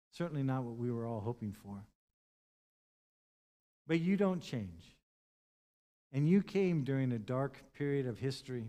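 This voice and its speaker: A man preaching a sermon as pastor, moving from loud, stressed points to quiet, hushed lines and acting out the words of scripture figures. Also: medium pitch. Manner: impassioned, swings between loud emphasis and hushed tones.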